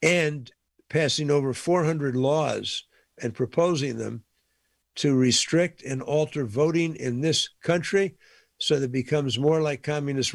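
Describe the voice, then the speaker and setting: A man's voice: a little high, dry recording, clean studio sound. A man giving impassioned political commentary, emphatic and repeating his points for force.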